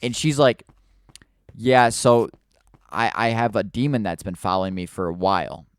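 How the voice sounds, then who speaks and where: A man tells a creepy personal story as a casual storytime, half-distracted by the video game he is playing. His voice sits a little low and sounds smooth and clear. He rambles and stumbles, full of restarts and filler words. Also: normal speed, dry recording, clean studio sound.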